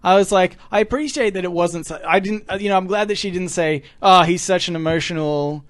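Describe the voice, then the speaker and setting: A man's voice: high-pitched, fairly even intonation, fast. A man co-hosting a podcast, joking and rambling in playful casual chat. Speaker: podcast co-host.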